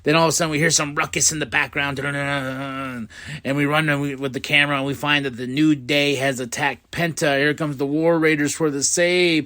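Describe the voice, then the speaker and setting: A man hosting a podcast, giving a casual, excitable recap and acting out quotes in quick voices. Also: fairly high pitch. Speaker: podcast host.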